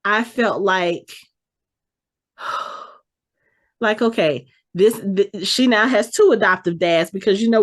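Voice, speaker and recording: A woman co-hosting a podcast, animatedly recapping an episode in casual chat and acting out the characters' lines as she goes. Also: medium pitch. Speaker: podcast co-host.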